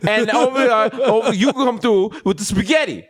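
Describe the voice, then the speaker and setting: A man's voice: high-pitched, moderate pace. A man from the Bronx, co-hosting a comedy podcast in profane, mocking banter full of mock outrage. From the Bronx, New York. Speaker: podcast co-host.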